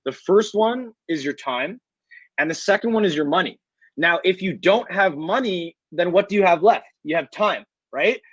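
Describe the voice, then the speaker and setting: A Canadian man presenting an online business workshop, energetic and often checking in with "okay?". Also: high voice, moderate pace, husky, dry recording. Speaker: workshop speaker. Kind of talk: webinar presentation. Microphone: online video call. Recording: dull dry webinar audio.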